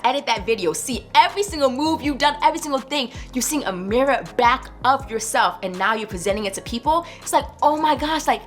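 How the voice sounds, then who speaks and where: A young woman vlogger telling a personal story in a casual, animated way, filling her talk with "like" and "you know" and acting out what others said in a higher voice. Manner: animated, acts out quotes in a higher voice; casual, many likes and you knows. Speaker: YouTube creator.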